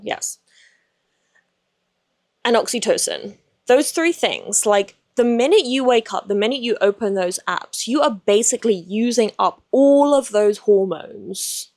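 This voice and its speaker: A woman's voice: a little high, sing-song, measured pace, a little mellow, no echo, studio quality. A woman hosting a podcast, talking frankly and casually in a personal monologue, swearing freely and filling with likes. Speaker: podcast host.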